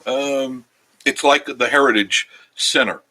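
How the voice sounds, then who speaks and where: A man's voice: mid-range voice, slow, pushed and bright. A tired man chats casually with his audience from a cabin couch. He rambles, loses his train of thought and circles back, in an easygoing, friendly travel-vlog way. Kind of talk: casual live-stream chat with viewers. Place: cabin living room, sitting on a couch.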